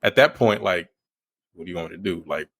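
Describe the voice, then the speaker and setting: A man co-hosting a casual film review podcast, relaxed, who jumps into sudden high voices when acting out lines. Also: brisk, creaky. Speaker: podcast co-host.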